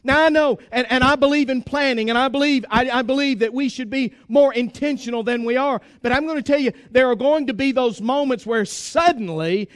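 High-voiced preacher exhorting his church. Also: brisk, hardly any pauses, no echo, clean studio sound. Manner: emphatic, exhorting, repeats phrases. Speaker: pastor. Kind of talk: sermon.

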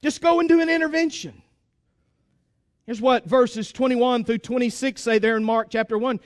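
Exhorting his congregation, a pastor delivers an emphatic sermon and repeats phrases for force. He speaks at a moderate pace in a very high voice, in a dry, studio-quality recording.

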